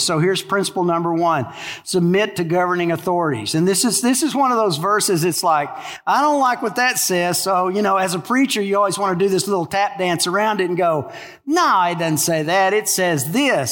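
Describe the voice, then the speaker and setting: A man preaching from the pulpit, his voice a touch higher than most men's. He tells stories and sinks to a hushed, low tone in the sad moments. His voice carries with a long reverb, as if in a large church sanctuary. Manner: storytelling, drops to a hushed low voice in sad parts. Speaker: pastor. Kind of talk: sermon.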